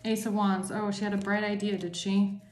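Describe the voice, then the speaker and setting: A woman's voice: medium pitch, little pitch movement, moderate pace, reverberant, loud music behind the voice. A woman doing a tarot reading for her viewers, angry and emphatic, swearing often. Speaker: tarot reader.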